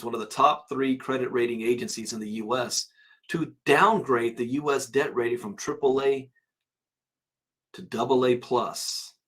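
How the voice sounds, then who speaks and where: A man hosting a crypto channel, casually reading out prices and headlines and musing aloud with quick asides. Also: mid-range voice, a bit bright, husky.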